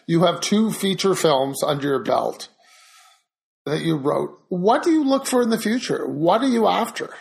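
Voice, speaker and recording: A woman's voice: lowish voice, animated, normal speed, gravelly, darkish tone. A woman hosting an interview show, asking her guest upbeat questions. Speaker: talk show host.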